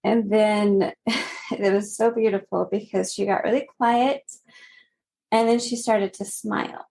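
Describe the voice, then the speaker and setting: Woman guest in her 30s, slow earnest storytelling with soft laughs. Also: medium pitch, fairly even intonation, vocal fry. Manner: slow, earnest, laughing softly between phrases. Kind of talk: personal story in a podcast interview.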